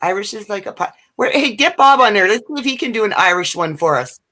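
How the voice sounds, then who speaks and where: A woman's voice: medium pitch, expressive, fast talker, pushed and bright. A woman co-hosting a talk show, playful and teasing in casual chat. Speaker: co-host.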